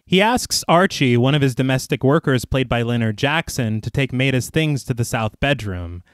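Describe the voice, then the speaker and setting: A man at mid pitch recaps a film plot for a podcast in a steady reading voice, then drops in joking asides. The sound is dry and close, with no room around it. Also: normal speed, no echo. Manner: reads recap evenly, then jokes with animated asides.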